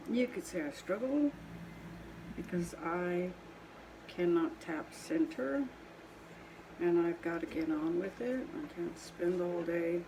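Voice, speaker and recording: Here the same sniffly, Southern-twanged Colorado woman talks low with vocal fry, rambling and laughing as she works in her home pottery studio. Background noise runs through the clip.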